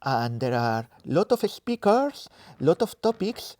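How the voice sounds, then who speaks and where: Man with a Spanish-French accent, mellow. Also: medium pitch, slow pace, no room sound. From Spain. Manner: relaxed, self-deprecating, searching for words. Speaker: interview guest, developer advocate. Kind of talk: casual interview answers. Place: conference venue in a cinema.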